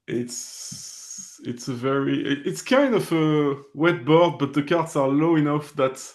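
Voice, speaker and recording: A man on an online call analysing a poker hand, halting and repeating words as he thinks. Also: mid-range voice, creaky. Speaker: poker student. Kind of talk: casual chat over a call.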